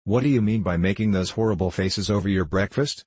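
A man's voice: low voice, brisk, a little mellow, breathy edge, dry recording. Man reading as a hearty old locksmith. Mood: teasing. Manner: hearty, teasing storyteller. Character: jovial older male locksmith, good-natured father.

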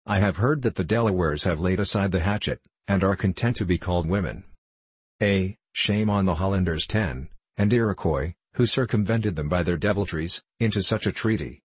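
A man's voice: low-pitched, normal speed, breathy edge, dry recording. A man reading the part of a blunt, stubborn veteran frontier scout who talks in plain old-fashioned backwoods speech.

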